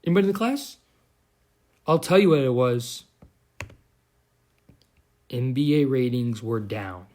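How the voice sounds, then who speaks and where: A man's voice: mid-range voice, expressive, unhurried, pauses often, darkish tone. A young man giving a heated, profane, sarcastic commentary rant as a vlogger. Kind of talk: ranting commentary.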